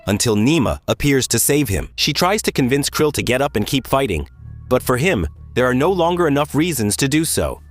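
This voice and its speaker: A man narrating a video game's story as a let's-play recap, casual and lively, with offhand asides to viewers. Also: mid-range voice, fairly quick, faint music behind. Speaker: gaming YouTuber.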